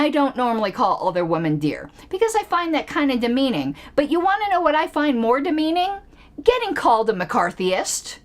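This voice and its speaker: A woman giving political commentary in a vlog, sarcastic and fond of mocking rhetorical questions. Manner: animated, with sudden pitch jumps.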